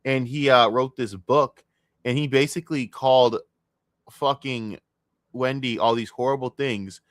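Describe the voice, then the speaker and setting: A man streaming a reaction to a video, ranting and swearing constantly, with sudden loud outbursts between muttered asides. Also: mid-range voice, measured pace, dry recording, clean studio sound. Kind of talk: casual profane reaction commentary.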